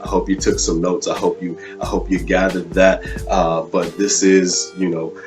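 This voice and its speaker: A man's voice: sits low, little pitch movement, normal speed, over music. A man hosting a live online show as a life coach, casual with many fillers, rising into fervent preaching. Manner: rises into fervent preaching cadence.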